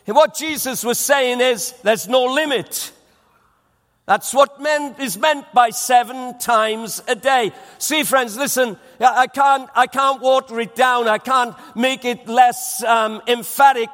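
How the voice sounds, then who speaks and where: A man's voice: very high voice, steady tone, takes it slowly, fairly bright tone, long reverb tail. A man preaching a sermon as pastor, emphatic and repeating his phrases for weight. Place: church auditorium.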